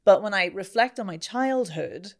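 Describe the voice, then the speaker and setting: A woman voice coach and longtime voiceover artist answering interview questions in an articulate, expressive way. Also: medium pitch, normal speed. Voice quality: practised microphone voice of a voiceover artist. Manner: articulate and expressive, with playful sound effects. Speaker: voice coach and podcast guest.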